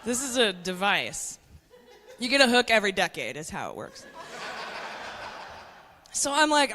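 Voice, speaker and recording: Brash woman stand-up in her 40s, bright edge, hall reverb on a handheld mic. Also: medium pitch, sing-song, unhurried, pauses often, slight background noise. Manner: brash, conspiratorial, addresses the crowd. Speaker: stand-up comedian. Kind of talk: stand-up comedy set.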